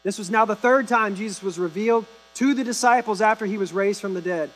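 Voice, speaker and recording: A man's voice: high-pitched, a little fast, rough recording. A man preaching a sermon, retelling scripture in a conversational storytelling way with casual asides. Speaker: pastor.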